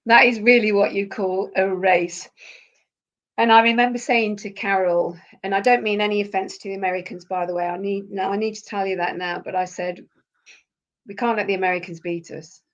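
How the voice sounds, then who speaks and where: A woman talking with heartfelt feeling as a podcast guest, often circling back over her words. Her voice sits in an ordinary middle pitch. The recording sounds a little dull. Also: steady tone, fairly quick. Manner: heartfelt, repeats herself when moved. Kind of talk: emotional interview conversation.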